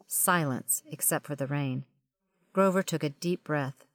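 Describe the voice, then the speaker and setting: A woman's voice: sits low, unhurried, no echo, clean studio sound. A woman reading a first-person audiobook in a wry, conversational storytelling manner. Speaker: audiobook narrator.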